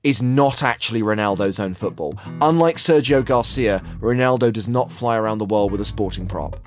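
A man's voice: lowish voice, moderate pace, faint music behind. A man co-hosting a podcast in casual chat, with dry, wry commentary. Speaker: podcast co-host.

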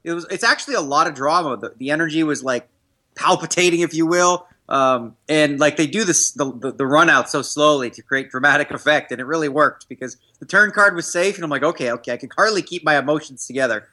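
A man as a podcast guest in casual chat, playfully skeptical and telling stories in an animated way. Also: on the high side, fairly quick.

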